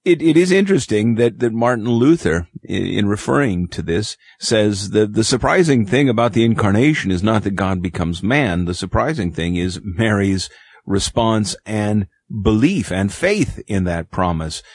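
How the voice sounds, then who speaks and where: Man host asking questions, husky low voice, swings up and down a lot. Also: expressive, moderate pace, no echo. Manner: thoughtful, with small stumbles. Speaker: host interviewer. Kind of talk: interview questions.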